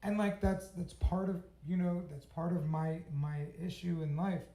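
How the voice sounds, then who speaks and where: Blunt swearing man with gravelly voice. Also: sits high, fairly even intonation, normal speed, warm tone, reverberant, poor audio. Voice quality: swears freely, blunt and candid. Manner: self-mocking, laughs at himself. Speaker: storytelling speaker. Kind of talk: personal story told to a live audience.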